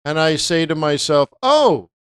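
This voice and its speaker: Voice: medium pitch, big pitch swings, a little slow, clear, resonant tone, dry recording, studio quality. A live forex trading stream host giving casual market commentary. The delivery is chatty and anecdotal, and words get repeated for emphasis. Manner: slips into voices when quoting others.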